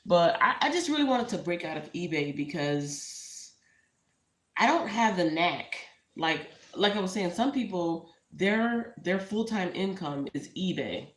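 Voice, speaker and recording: A woman's voice: fairly low pitch, expressive, unhurried. Chatty Texan woman live-streaming from home. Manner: chatty, rambling, talks to viewers and her cat between thoughts. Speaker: small online seller streaming live. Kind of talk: casual live-stream chat. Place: home room. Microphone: tablet on a shelf. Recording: echoey room on a tablet mic.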